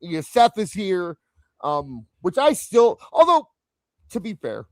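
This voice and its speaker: Slow-speaking but animated, a podcast host rambles through a casual wrestling talk show with his co-host, his pitch jumping about. There's no echo.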